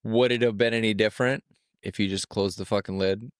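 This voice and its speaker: A man's voice: fairly low pitch, fairly even intonation, brisk, no room sound, studio quality. A man co-hosting a podcast, giving reassuring, laid-back parenting advice with plenty of swearing. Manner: reassuring, laid-back, profane, often says "you know what I mean". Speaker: podcast co-host. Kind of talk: casual podcast chat.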